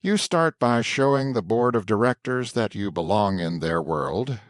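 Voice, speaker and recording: A poised, shrewd woman assistant, as a man reading aloud puts her on, speaking in measured, earnest sentences. The voice sits deep but rises and falls a lot. The sound is close and dry, with no room around it. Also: dry recording. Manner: calm, measured, warning in a hushed tone.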